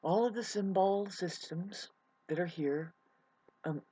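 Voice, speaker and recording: A woman's voice: fairly low pitch, takes it slowly, dark tone, breathy edge, no room sound, rough recording. A woman doing a rambling, improvised comic monologue in a put-on, hammy mock accent, with theatrical exclamations and sudden swearing. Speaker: comedian.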